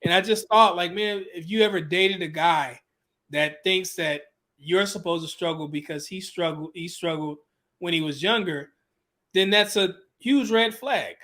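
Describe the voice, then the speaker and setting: A man's voice: high-pitched, a little slow, sharp tone. A man telling a candid personal story in an interview, casual and loose, with many fillers and some swearing. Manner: casual, with frequent "you know" fillers and swearing.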